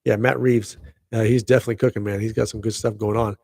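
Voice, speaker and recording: A man's voice: fairly low pitch, level tone, fast, creaky, a little mellow, husky, dry recording. A middle-aged man hosting a casual live podcast stream, rambling upbeat to his viewers. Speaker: podcast host.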